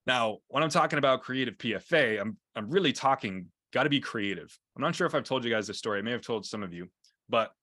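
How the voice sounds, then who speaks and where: A man's voice: medium pitch, bright, forceful tone, dry recording. A man teaching an EMT class over a video call, talking casually with many fillers and restarts as he mixes lecture and stories. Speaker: EMT instructor. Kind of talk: lecture with anecdotes.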